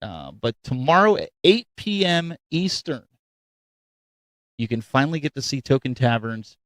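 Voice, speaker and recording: A man hosting a casual chat show, upbeat and animated, with a close, dry microphone sound. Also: medium pitch, moderate pace, no room sound. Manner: upbeat, animated announcer-style delivery. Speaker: host.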